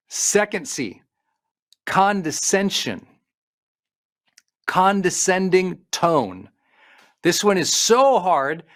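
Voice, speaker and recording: A middle-aged man, a performance coach, giving an emphatic motivational talk with slowed-down stresses and listed points. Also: fairly high pitch. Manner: emphatic, preachy delivery with slowed stresses and lists.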